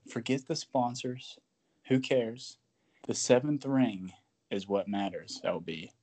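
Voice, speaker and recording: A man co-hosting a sports podcast, talking in a joking, animated way and sometimes dropping to a whisper. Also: medium pitch, takes it slowly. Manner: animated, jokey, drops to a whisper at times. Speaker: podcast co-host. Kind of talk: casual sports podcast chat.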